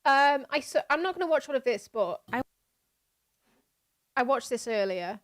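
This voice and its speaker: A woman's voice: high-pitched, expressive, normal speed. Rambling British woman streaming casually. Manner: rambling, filler-heavy, laughs often. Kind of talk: casual reaction-stream chat.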